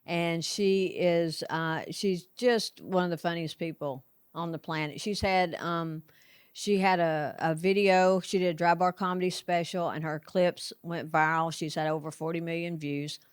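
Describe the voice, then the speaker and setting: Woman guest comic, chatty, smooth clear voice, dry close sound. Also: on the low side, steady tone, measured pace, no room sound. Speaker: comedian guest. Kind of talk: casual interview chat.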